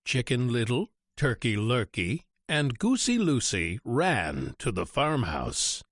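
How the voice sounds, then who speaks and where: A man reading a children's story aloud in an expressive, deliberate way. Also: mid-range voice, no room sound, studio quality. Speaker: narrator. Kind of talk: storybook read-aloud narration.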